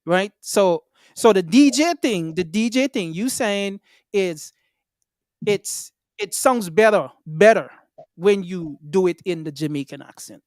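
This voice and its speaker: A man's voice: high-pitched, lively intonation, unhurried, dry recording, studio quality. A man interviewing a guest, rephrasing his questions to get at the point.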